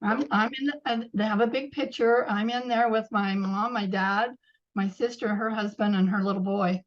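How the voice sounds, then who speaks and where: An older woman, a guest in a casual interview, reminiscing gently with a warm, unhurried manner. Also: mid-range voice, fairly even intonation, lo-fi sound.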